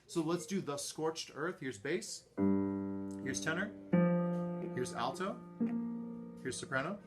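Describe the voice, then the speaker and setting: A man's voice: on the high side, very animated, slow pace, loud music behind the voice. A man directing a choir rehearsal over a video call, patiently explaining breaths and vowels and singing lines himself. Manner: patient, counts and sings sung lines himself. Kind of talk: online choir rehearsal instruction.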